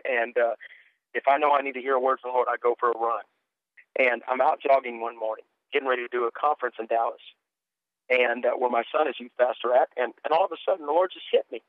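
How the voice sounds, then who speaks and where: A man's voice: medium pitch, dry recording. A middle-aged man, a guest preacher, earnestly telling his personal testimony and often repeating words as he starts sentences. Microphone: phone. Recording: tinny dry phone line.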